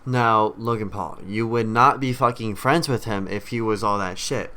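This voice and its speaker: A man's voice: lowish voice, moderate pace, bright, forceful tone. A man streamer giving a rambling, blunt commentary rant, swearing heavily as he talks. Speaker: streamer reacting to clips.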